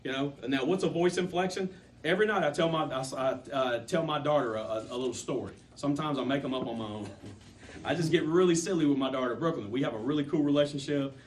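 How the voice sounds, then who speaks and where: A man leads a sales training session in front of a group, his fairly high voice pushing points home through repetition and rising emphasis. He is picked up from a distance, and a faint hum sits under his voice. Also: fast talker.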